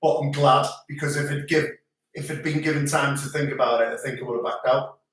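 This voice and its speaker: A man's voice: on the high side, steady tone, brisk, a bit bright. Jokey man, far from mic. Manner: easygoing, jokey. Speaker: host's visiting brother. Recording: echoey room, away from the mic.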